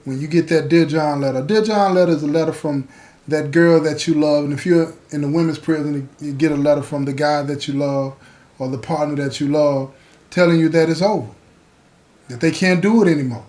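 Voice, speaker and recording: A male podcast host with a high voice. He tells the story in a folksy, conversational way and keeps checking in with his listeners as he goes. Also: steady tone, a little fast, a little mellow. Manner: folksy, repeats "you know what I'm saying".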